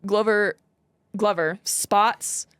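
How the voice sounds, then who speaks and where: A woman's voice: mid-range voice, steady tone, extremely slow, a bit bright, clear, resonant tone, dry recording. A woman co-hosting a podcast, chatting casually and giggling as she talks, full of fillers. She has a mid-range voice. The sound is dry and close. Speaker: podcast co-host. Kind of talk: casual chat.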